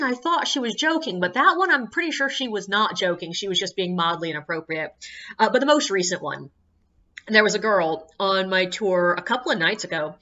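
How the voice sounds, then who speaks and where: Bright-voiced woman telling tour stories. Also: dull audio. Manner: animated, acts out guests in high squeaky voices; exasperated, swears freely. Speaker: ghost tour guide. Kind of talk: casual storytelling monologue.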